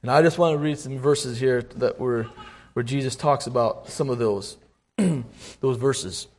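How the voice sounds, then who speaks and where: A middle-aged man giving an informal sermon, halting and repeating words, clearing his throat often and reading scripture aloud in old-fashioned wording. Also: medium pitch, a little mellow. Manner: reads scripture aloud in King James wording. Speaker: lay preacher.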